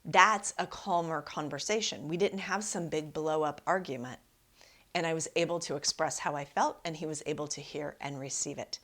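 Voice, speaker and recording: A woman's voice: low voice, moderate pace, fairly bright tone. A woman life coach hosting a podcast, telling a personal story and giving relationship advice in an emphatic, conversational way, often asking "right?". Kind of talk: solo podcast talk.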